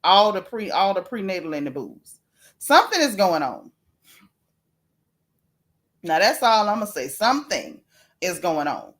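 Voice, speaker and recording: A woman giving sassy, animated commentary on reality TV to her viewers. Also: fairly low pitch, a little slow, pauses often. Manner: sassy, animated, talks straight at the people she mocks. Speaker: gossip vlogger.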